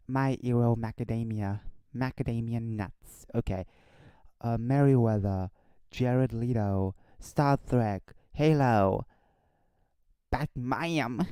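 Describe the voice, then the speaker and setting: A man's voice: medium pitch, dark tone, clean tone, dry recording. A man hosting a casual live stream, rambling and correcting himself as he chats and reads out news on a desk microphone. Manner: rambling, self-correcting, chuckling asides.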